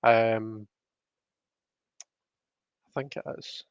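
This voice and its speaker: A man's voice: on the low side, flat delivery, very slow, clear, resonant tone, dry recording, highs cut off. A young Scottish man hosting a live stream, chatting casually and reading out viewer comments with lots of fillers. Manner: rambling, chatty, frequent fillers.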